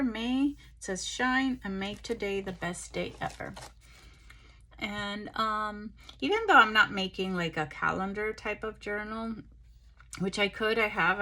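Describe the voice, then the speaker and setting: A tired woman chatting casually through a craft haul, relaxed and full of ums and pauses, recorded on a phone. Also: medium pitch. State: tired, yawning. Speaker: craft vlogger. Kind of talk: casual show-and-tell chat.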